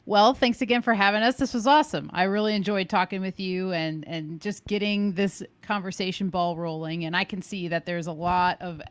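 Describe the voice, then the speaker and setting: A woman's voice: medium pitch, steady tone, a little fast, few pauses, clear, resonant tone, dry recording. A woman guest in a live online chat, speaking earnestly and openly.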